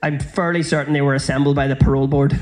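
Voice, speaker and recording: A young man with a Northern Irish accent, telling a stand-up story in a brisk, sweary, conversational way. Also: medium pitch, flat delivery, over music. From South Armagh, Northern Ireland. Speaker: stand-up comedian.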